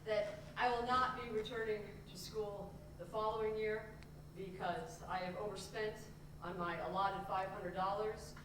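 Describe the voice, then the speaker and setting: Woman, comic stage monologue, self-mocking, heard from far back, clear audience room noise. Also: mid-range voice, normal speed. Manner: animated, self-mocking storytelling. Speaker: solo performer. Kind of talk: comic solo theater monologue. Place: theater stage before an audience. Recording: echoey live theater, distant mic, room noise.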